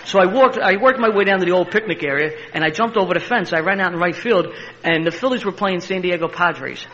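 Older Philly man spinning a fast yarn. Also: high-pitched, slight background noise. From Philadelphia. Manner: animated, laughing storyteller with a street-tough edge. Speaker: interview guest. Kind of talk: personal storytelling. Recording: slightly muffled recording.

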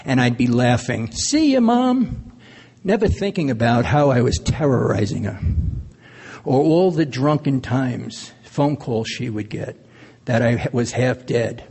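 An AA speaker with a gravelly, husky, slightly mellow voice at medium pitch tells his recovery story at a measured pace. His storytelling is earnest and plain, with occasional laughs, and a long hall reverb fills the recording.

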